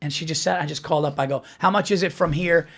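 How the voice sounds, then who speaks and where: A man on a podcast telling a story in casual, profane, animated chat, laughing as he goes. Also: on the high side, fast, vocal fry. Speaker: podcast host.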